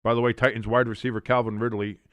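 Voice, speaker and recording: A man's voice: medium pitch, level tone, fast talker, a bit bright, no room sound. A man hosting a casual live sports watch-along, chatty, with sarcastic, mocking asides.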